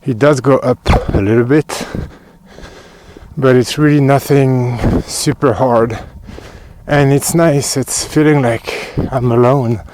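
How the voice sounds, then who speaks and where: This hiking vlogger from France talks casually while filming a cold outdoor trail, slightly out of breath and muttering to himself between comments. His French-accented voice is mid-range, steady, slow and darkish; the audio is poor but free of echo.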